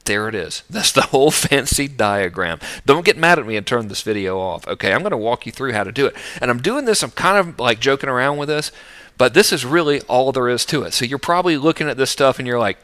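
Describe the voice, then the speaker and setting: A man's voice: medium pitch, pushed and bright. A middle-aged man teaching list building in a casual, jokey, self-mocking video talk.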